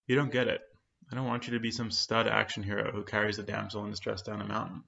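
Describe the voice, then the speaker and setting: Soft, earnest and often hushed, this is a tender young woman pleading with the man she loves, read by a man narrating a story. The voice sits low and carries a gravelly edge. The recording sounds dull and lo-fi. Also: little pitch movement, quick pace, full character voice.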